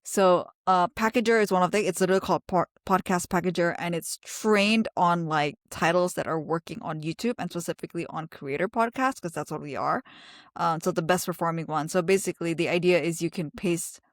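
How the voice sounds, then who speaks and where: A woman's voice: on the low side, a little fast, no echo, studio quality. A woman co-hosting a podcast in casual chat, talking with plenty of fillers and laughing often. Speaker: podcast co-host.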